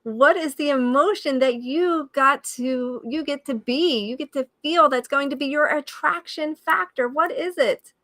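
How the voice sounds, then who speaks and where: A woman's voice: measured pace, hardly any pauses, fairly bright tone, no echo. A woman life coach leading a live-streamed guided session, coaxing listeners through an exercise and breaking into enthusiastic cheers. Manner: enthusiastic, bursts into high whoops and cheers.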